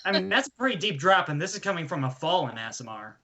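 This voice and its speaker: A woman's voice: fairly low pitch, very animated, fast talker, sharp tone. Playful rambling woman player. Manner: rambling, playful storytelling in character. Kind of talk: playing a tabletop game.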